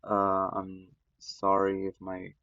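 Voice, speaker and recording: Slow, flat-voiced gaming vlogger man. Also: low voice, dry recording, dull audio. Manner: relaxed, rambling, slow. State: unwell, just woken up. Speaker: gaming channel host. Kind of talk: casual game commentary.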